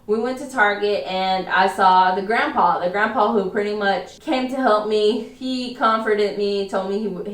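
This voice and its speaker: A young woman telling a personal story in a vlog, quick and emphatic, acting out what people said. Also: mid-range voice. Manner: fast, emphatic retelling with acted quotes. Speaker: vlogger. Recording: roomy echo, mic at a distance.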